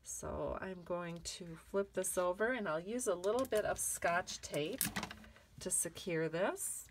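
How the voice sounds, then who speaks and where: In this card-making tutorial, a woman with a fairly low pitch works through the technique step by step at a measured pace, chatting and encouraging along the way. A little hiss or hum sits under her voice.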